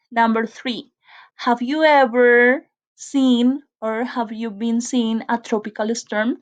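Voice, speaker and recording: A woman whose first language is Spanish, teaching an English grammar lesson and explaining step by step with frequent self-corrections. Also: fairly high pitch.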